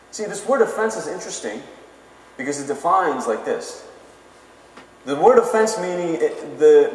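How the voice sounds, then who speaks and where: A man's voice: on the high side, a little hiss or hum. Man preaching in an echoey hall. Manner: conversational, keeps asking "okay?". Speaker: pastor. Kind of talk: sermon. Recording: echoey hall, mic from far off.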